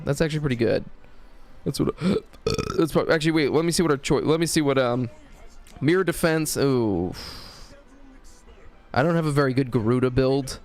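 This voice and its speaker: A man chats casually on a game livestream, crude and rambling with jokes. His voice sits slightly high and moves with lively, animated swings. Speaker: gaming streamer. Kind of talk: casual livestream chat while gaming.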